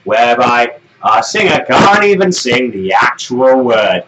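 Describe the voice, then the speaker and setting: Man for a sarcastic song-review rant: sweary, fed up, voice leaping around, unhurried. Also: mid-range voice, animated, heavy background noise. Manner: exasperated, sweary, jumps from mutters to mocking shrieks. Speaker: music review vlogger. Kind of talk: sarcastic comedic music review.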